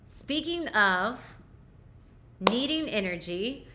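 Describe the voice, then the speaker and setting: A woman's voice: fairly high pitch, expressive, takes it slowly, background noise. A woman hosting a live nutrition training, coaching emphatically with rhetorical questions and frequent check-ins. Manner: emphatic, asks rhetorical questions and tags lines with "okay?".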